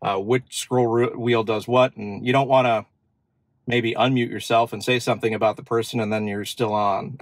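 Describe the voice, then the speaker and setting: A car-channel host shows features from inside his parked car in a laid-back walkthrough, pondering aloud with fillers. He's a man of medium pitch speaking at a moderate pace, with no room sound.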